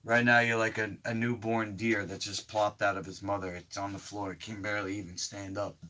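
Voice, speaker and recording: Man, livestream host, casual chat, lowish voice, bossy instructions, blunt and crude. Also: little pitch movement, a little fast, background noise. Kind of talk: casual live-stream chat.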